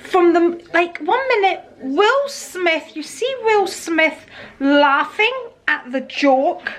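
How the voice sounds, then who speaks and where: A woman's voice: extremely high pitch, animated, takes it slowly, a bit bright. A middle-aged woman chatting casually to camera at home in a rambling way, laughing often. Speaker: vlogger. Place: at home, indoors.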